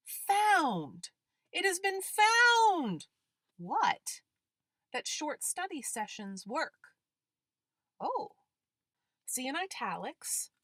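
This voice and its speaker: A woman lectures on grammar, walking through each example patiently. Her voice sits a little high and she speaks slowly. The recording is dry and close, with no room sound. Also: fairly bright tone, no echo. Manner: deliberate, explaining with worked examples. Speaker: grammar instructor.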